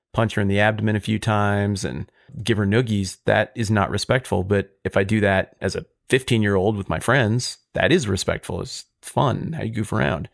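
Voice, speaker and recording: A man co-hosting a podcast, talking with dry, wry humor. His voice is low with a strong gravelly grain. The sound is close and dry, without room echo. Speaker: podcast co-host. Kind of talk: casual conversation.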